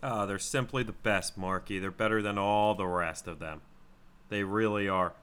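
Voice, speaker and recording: Enthusiastic co-host with a lower voice. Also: male voice, steady tone, normal speed, a bit bright, smooth. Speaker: podcast co-host. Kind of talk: casual chat.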